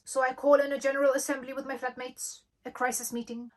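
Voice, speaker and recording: Young woman vlogger, slightly high voice, lively storyteller. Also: fast, few pauses. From Germany. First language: German. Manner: lively storytelling, acting out quoted dialogue. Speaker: channel host. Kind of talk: storytime vlog.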